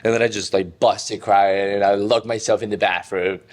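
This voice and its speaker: Animated young man. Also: fairly low pitch, moderate pace. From Colombia. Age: 20s. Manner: animated, laughing, lots of "like" fillers. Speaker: podcast guest. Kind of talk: casual interview storytelling.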